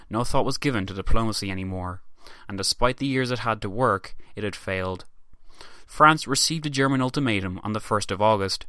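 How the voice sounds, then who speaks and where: A man narrates history from a script in a measured, formal way. His voice has a bright, forceful edge. The sound is dry and close to the mic. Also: lowish voice, no room sound.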